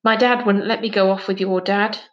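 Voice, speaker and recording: A woman's voice: mid-range voice, fairly even intonation, brisk, highs cut off, natural voice. A blunt, matter-of-fact boy from a storybook, voiced by a woman reader. He sounds plain and direct, close to her own reading voice.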